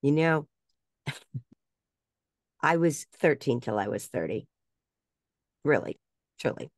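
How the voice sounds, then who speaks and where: A woman's voice: low-pitched, big pitch swings, slow pace, no echo, clean studio sound. An older woman, a voice actress, telling stories in a casual interview, laughing often and mimicking other voices. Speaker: guest speaker and voice actress.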